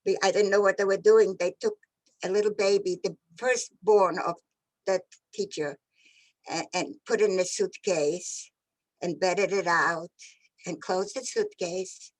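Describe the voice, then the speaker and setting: An older woman giving personal testimony of her childhood, halting and often repeating and restarting words. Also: medium pitch, steady tone, low-quality recording. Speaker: Holocaust survivor. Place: virtual event.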